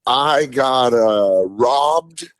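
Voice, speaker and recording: A man's voice: mid-range voice, extremely slow. A man from Colorado, a guest comedian in casual podcast chat, rambling through stories, acting out voices and swearing freely. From Aurora, Colorado, USA.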